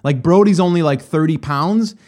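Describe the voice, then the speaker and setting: Chatty middle-aged man, slightly high voice. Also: normal speed, darkish tone. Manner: conversational, many fillers and asides to listeners. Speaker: podcast host. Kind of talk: casual storytelling and business motivation talk.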